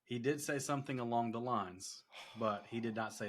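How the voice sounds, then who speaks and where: A man co-hosting a casual chat, relaxed and hesitant, swearing offhandedly. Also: medium pitch, moderate pace. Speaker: co-host.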